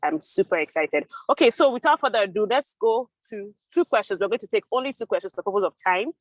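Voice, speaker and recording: A woman hosting an online club meeting, upbeat and brisk as she moves the session along. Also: mid-range voice, expressive, dry recording, poor audio. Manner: upbeat, brisk emcee chatter. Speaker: meeting host. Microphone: computer mic on a video call.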